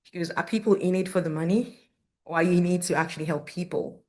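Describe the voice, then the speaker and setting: A woman's voice: on the low side, fast talker, darkish tone. Earnest woman sharing a personal story. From Canada. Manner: earnest, candid, storytelling with quoted dialogue. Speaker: parent speaking at a community forum. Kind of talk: personal testimony to an audience.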